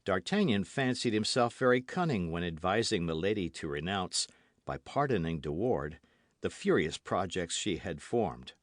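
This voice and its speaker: A man narrating a classic novel as an audiobook, in an expressive, measured reading. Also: low-pitched, dry recording, studio quality. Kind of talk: scripted narration.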